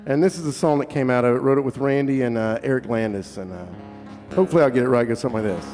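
Speaking very fast in a mid-range, slightly mellow voice, a singer-songwriter fills the gap between songs with relaxed, profane banter for his live audience. The venue's hall reverb is present, along with a faint guitar.

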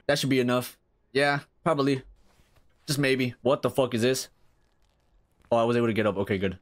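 A young man streaming a horror game, reacting with crude, excitable commentary and reading on-screen text aloud. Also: medium pitch, fairly quick, long pauses. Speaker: gaming streamer.

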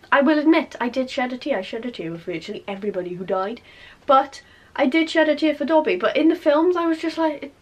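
Chatty young woman, bright voice. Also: sits high. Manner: chatty and animated, with frequent fillers and repeated emphasis. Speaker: YouTuber. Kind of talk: casual vlog chat.

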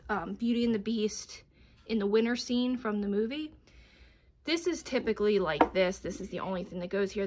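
A woman talks into a handheld phone camera as she walks through her home. Her delivery is chatty and warm-hearted, loose and unscripted, and it is sprinkled with fillers. Her pitch sits in an ordinary middle range. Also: a little hiss or hum. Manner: chatty, affectionate, lots of fillers. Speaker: vlogger. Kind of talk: casual home decor tour vlog.

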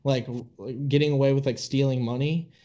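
A man's voice: mid-range voice, fairly even intonation, brisk, mellow. A young man co-hosting a film podcast, rambling enthusiastically in casual chat, full of "like" and "dude". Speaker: podcast co-host.

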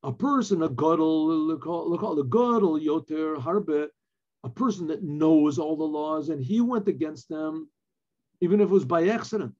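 A man, a rabbi, teaching a Torah lesson, reading Hebrew phrases and explaining them in English with animated emphasis. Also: a little high, a little slow, dull audio.

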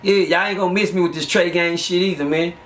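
A man telling street stories in a casual, animated way, loudly acting out the voices of the people in them. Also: high-pitched, fast talker, a little hiss or hum. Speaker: storyteller. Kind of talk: casual storytelling.

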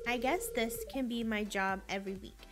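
Woman reading as a vain whiny girl, fairly high voice. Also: normal speed, over music, natural voice.

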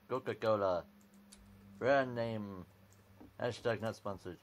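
Taking it slowly and pausing often, a medium-pitched man plays a computer game and reads the on-screen text into a desk mic for a gameplay video. His commentary is casual, dry and offhand, with a recurring "alrighty," and the sound is lo-fi.

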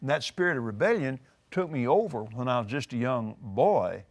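An older man, teaching on a talk show, emphatic and animated, repeating words for force. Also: medium pitch, moderate pace. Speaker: preacher. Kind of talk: conversational teaching.

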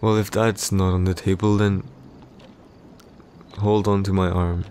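A man voicing a possessive, jealous warrior husband in a whispered role-play, curt and irritated, speaking low and close. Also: level tone, measured pace, a little mellow, a little hiss or hum. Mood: grudging. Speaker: voice actor in a boyfriend roleplay.

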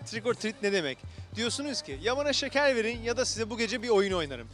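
This high-pitched man talks fast with big swings in pitch. He's a TV reporter and host from Turkey, joking around and teasing people as he interviews them on city streets with a handheld mic and narrates. Loud music sits under the recording.

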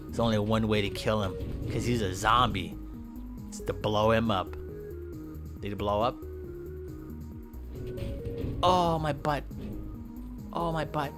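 Man, comedic let's-play commentary, trash talk, high yelps, clear game music behind. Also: takes it slowly, pauses often. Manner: goofy, trash-talking, with sudden high yelps and shouts. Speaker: gameplay commentator.

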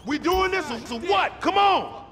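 An actor playing a brash young male street gangster in a video game, talking in loud, boastful slang banter. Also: extremely high pitch, very animated, moderate pace, noisy background. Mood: fired up. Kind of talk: video game cutscene acting. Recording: game audio over gunfire and engines.

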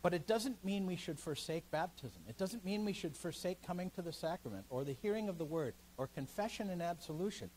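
A male pastor teaches a seminar in a church meeting room, answering questions from the room. His fairly high voice rises and falls with animated emphasis. A faint hum sits under the recording. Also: brisk, hardly any pauses, poor audio.

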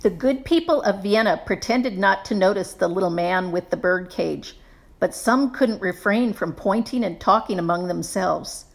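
A woman narrating a children's picture book with expressive storytelling. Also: medium pitch, moderate pace, vocal fry. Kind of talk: storybook read-aloud.

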